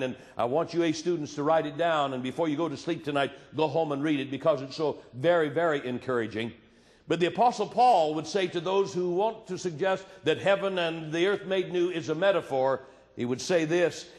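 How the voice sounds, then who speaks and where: A man preaching a sermon, retelling scripture with dramatic swings between loud emphasis and hushed quiet. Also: on the high side, big-room sound.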